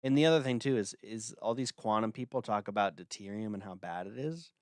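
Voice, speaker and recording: A man's voice: lowish voice, brisk, a little mellow, no echo, clean studio sound. A man hosting a livestream, talking casually in a blunt, dismissive way with lots of filler words. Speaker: livestream host.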